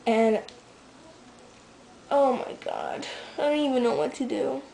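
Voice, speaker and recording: A woman's voice: on the high side, animated, measured pace, creaky, long pauses, a little mellow, a little hiss or hum, poor audio. A teenage girl telling a rambling vlog story, full of fillers and restarts. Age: teens. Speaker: vlogger.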